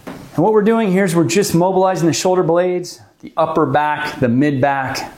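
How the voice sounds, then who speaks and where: A man calmly leading a stretching class, guiding the moves step by step and explaining why each one helps. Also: on the high side, moderate pace. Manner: calm, gently coaching, explains the reasons for each move. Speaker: movement class instructor. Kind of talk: guided exercise class instruction.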